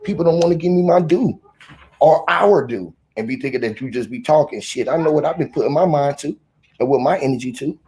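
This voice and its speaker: A man with a fairly high voice rants in a loose, boastful and profane way, circling back on his points. He sits back from the microphone, and the room rings around him. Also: a little fast, mellow, recorded from a distance. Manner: boastful, profane, rambling and emphatic. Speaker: vlogger. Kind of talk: casual rant to camera. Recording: roomy echo, off-mic.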